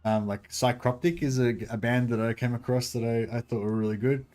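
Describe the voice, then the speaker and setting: A man with an Australian accent chatting casually while streaming a game, speaking quietly and mumbling, tired and sore, into a desk microphone set behind his keyboard. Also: mid-range voice, steady tone, a little fast. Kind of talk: casual livestream chat. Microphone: desk-stand microphone behind keyboard.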